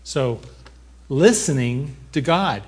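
A man preaching a sermon, talking to the congregation in an unhurried, conversational way and joking now and then. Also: medium pitch, expressive, husky. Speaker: pastor. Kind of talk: sermon with a live demonstration.

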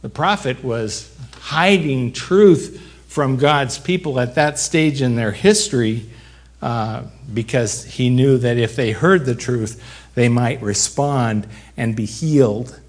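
A man preaching a sermon, talking to the congregation in an unhurried, conversational way and joking now and then. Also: mid-range voice. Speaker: pastor. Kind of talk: sermon with a live demonstration.

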